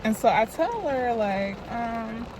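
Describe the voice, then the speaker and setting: A woman's voice: mid-range voice, unhurried, noisy background. A young woman, telling a storytime in a loose, chatty, profane way into a phone camera while doing her makeup. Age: young adult. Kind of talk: casual storytime vlog.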